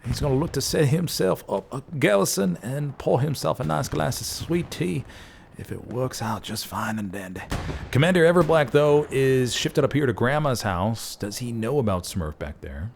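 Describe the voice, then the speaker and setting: A man casting a competitive online shooter match play-by-play, folksy and excitable, jumping up in pitch at big plays. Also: moderate pace, creaky, a little hiss or hum. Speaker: esports caster. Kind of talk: play-by-play game commentary.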